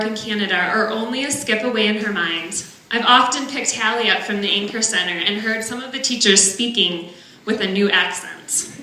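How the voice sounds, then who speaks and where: A young woman from northern Wisconsin, a parent giving an earnest, measured prepared speech at a benefit dinner in a large banquet hall. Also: on the high side, pushed and bright, slight background noise. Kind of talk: prepared speech read aloud.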